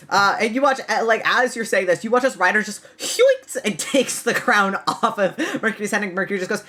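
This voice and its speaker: A game master narrating a tabletop role-playing game in an animated way, with fillers and frequent laughs. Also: medium pitch, fairly quick, hardly any pauses.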